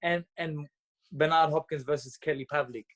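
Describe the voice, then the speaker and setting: A man, a podcast guest telling stories in a lively, casual way, full of fillers and restarts. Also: on the high side, normal speed. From Australia. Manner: animated storyteller, acts out dialogue, frequent fillers and restarts. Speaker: podcast guest, former boxer. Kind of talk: casual interview storytelling.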